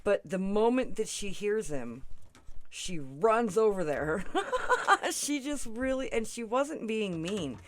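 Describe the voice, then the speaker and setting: Speaking slowly in a very animated, medium-pitched voice, a crafting channel host walks through a tutorial over slight background noise. She wanders off into stories and tangents, peppering her talk with "right?" and "you know" and laughing between sentences.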